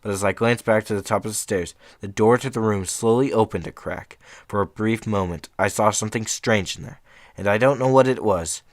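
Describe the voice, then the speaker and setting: A man's voice: on the low side, brisk, no echo, clean studio sound. A young man reading short horror stories aloud in a casual, rambling way, breaking off for chatty asides.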